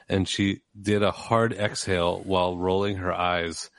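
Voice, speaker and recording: A man's voice: sits low, flat delivery, moderate pace, hardly any pauses, dry recording. A man hosting a podcast in casual comedic chat, telling long rambling anecdotes and laughing at his own story. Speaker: podcast host.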